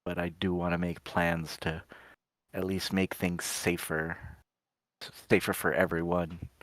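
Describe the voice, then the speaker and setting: A man's voice: low voice, flat delivery, fairly bright tone, dry recording. A man playing a tabletop game, narrating his character's actions and then speaking his lines. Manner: unhurried, sets up each line with "he goes". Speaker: player voicing his character Gadri.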